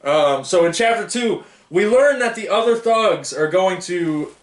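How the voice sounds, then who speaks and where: A man's voice: high voice, animated, measured pace, echoey room. A man giving a casual, rambling book review, stumbling over foreign names and laughing at himself.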